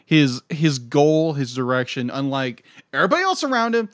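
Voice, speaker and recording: A man's voice: on the high side, big pitch swings, normal speed, fairly bright tone, no room sound. Enthusiastic young man, dry close sound. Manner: enthusiastic, laughs often, acts out quotes. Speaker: podcast co-host. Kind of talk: casual film review chat.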